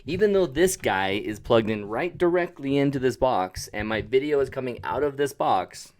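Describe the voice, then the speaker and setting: A man's voice: mid-range voice, lively intonation, normal speed, a little mellow. A man hosting a live photography webinar, chatty and self-deprecating, with jokey asides and a voice that drifts toward and away from his desk mic. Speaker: webinar host and photography teacher. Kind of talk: casual live-stream tutorial. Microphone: desk mic, sometimes drifting off it.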